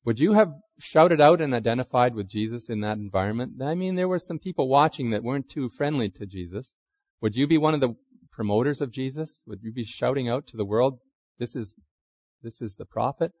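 A man's voice: medium pitch, lively intonation, fairly quick, darkish tone, dry recording. A man preaches in a chatty, conversational way. He keeps asking his listeners questions and acts out quotes in small voices. The sound is dry and close. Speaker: pastor. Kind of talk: sermon.

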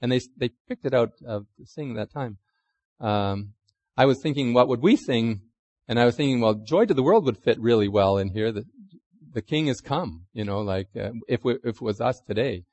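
A man's voice: mid-range voice, lively intonation, moderate pace, darkish tone, no room sound. A man preaching a sermon, chatty and conversational, asking the listeners questions and acting out quotes. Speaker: pastor.

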